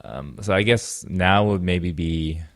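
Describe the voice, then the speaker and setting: A man's voice: sits low, takes it slowly, a bit bright, no room sound, studio quality. A man hosting a gaming podcast, chatting casually with many fillers and laughs. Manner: rambling, filler-heavy, laughs often. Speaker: podcast host. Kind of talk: casual chat.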